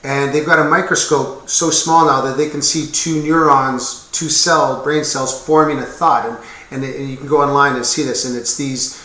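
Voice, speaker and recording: 50s guy, ex-military, rambling earnest chat to camera, sharp bright voice, echoey room. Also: mid-range voice, steady tone, moderate pace. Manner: earnest, rambling, with small asides and jokes. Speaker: military veteran sharing his experience. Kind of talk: casual explanatory talk to camera.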